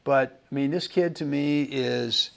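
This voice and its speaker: A man hosting a casual podcast, telling stories in a chatty way with repeated words and animated quotes. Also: mid-range voice, unhurried, creaky. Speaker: podcast host.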